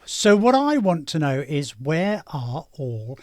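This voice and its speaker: A man's voice: a little high, sing-song, slow, no echo, studio quality. A man hosting a reaction video, talking in a mocking, rambling way with lots of fillers. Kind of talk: casual sarcastic commentary.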